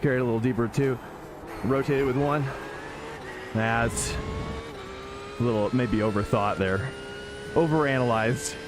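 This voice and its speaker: Unhurried and pausing often, a medium-pitched man talks against a noisy background while live-streaming sim racing. As he drives he chats excitedly and casually to viewers, repeatedly restarting and self-correcting, with faint music in the mix.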